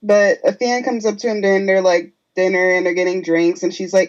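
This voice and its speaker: A woman's voice: medium pitch, steady tone, brisk, highs cut off. A woman co-hosting a podcast, recapping a reality show with sarcastic, salty asides. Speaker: podcast co-host. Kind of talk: casual chat.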